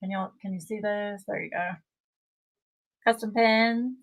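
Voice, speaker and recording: Woman host, unhurried chatty live-stream talk. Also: medium pitch, steady tone, creaky, low-quality recording. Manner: chatty, reads viewer comments aloud. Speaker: livestream host. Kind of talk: casual livestream chat.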